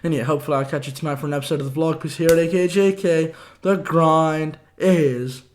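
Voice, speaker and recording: A young man with a hoarse voice hosting a casual tech tips vlog, breezy and slangy in quick-fire delivery. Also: a little high, a little mellow. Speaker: tech video host.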